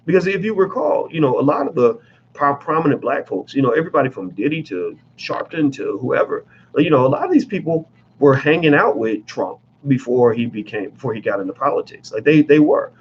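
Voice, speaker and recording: A man's voice: mid-range voice, sing-song, fairly quick, highs cut off, slight background noise. A man giving blunt, emphatic commentary in a casual vlog, talking straight to his viewers with plenty of profanity.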